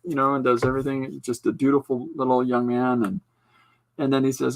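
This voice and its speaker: A man hosting a podcast, chatting casually while he draws, rambling and breaking off into quick asides. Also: mid-range voice, steady tone, fairly bright tone. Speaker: podcast host. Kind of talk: casual chat while drawing.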